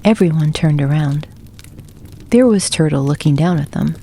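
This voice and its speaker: Woman, bedtime storybook reading, gentle, hushed, low, husky. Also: normal speed. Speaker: narrator.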